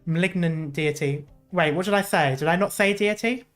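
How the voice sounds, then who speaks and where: A streamer chatting casually while playing a story game, jokey and quick to correct themself. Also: medium pitch, fairly bright tone, faint music behind. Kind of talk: casual gameplay commentary.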